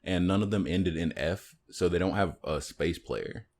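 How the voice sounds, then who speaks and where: A man co-hosting a podcast in casual chat, laughing often and talking in a relaxed way. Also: low voice, moderate pace. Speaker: podcast co-host.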